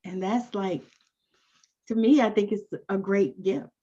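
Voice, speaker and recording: A woman's voice: medium pitch, a little slow, slightly rough. A woman hosting an interview, reacting with exclamations and asking follow-up questions. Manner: warmly reactive, exclaims and asks follow-ups. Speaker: host. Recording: dull lo-fi audio.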